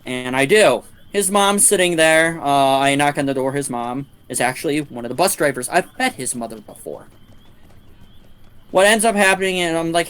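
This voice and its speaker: While streaming a game, a man tells a long anecdote in casual chat, swearing heavily and doing voices for the people in his story. His voice is on the high side, clear and resonant, at a moderate pace.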